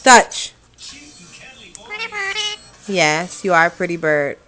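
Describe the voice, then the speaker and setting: A woman's voice: lowish voice, drawn-out words, over music. A woman talking to her pet bird on a phone, teasing and scolding it in a playful way. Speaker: pet owner. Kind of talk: casual chat with a pet bird.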